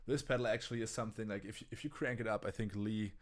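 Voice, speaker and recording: A man with a German accent talks casually on a live stream, his voice sitting a little low. He restarts and stammers often, repeating words as he gathers his thoughts. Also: steady tone, quick pace. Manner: hesitant, many restarts and stammers. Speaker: co-host.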